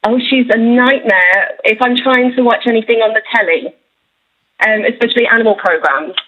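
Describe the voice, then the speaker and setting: A woman's voice: on the high side, moderate pace. A woman from Shropshire calling in to a TV show, exasperated and rambling about her dog. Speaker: caller. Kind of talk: phone-in call. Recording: dull lo-fi phone line.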